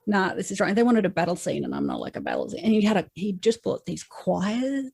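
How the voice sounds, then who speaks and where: A woman's voice: fairly low pitch, huge pitch swings, fairly quick, creaky, warm tone, slightly rough, no room sound. An Australian woman, a guest author, chatting casually in an interview and acting out quoted lines as she tells stories. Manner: chatty storyteller who acts out quoted lines.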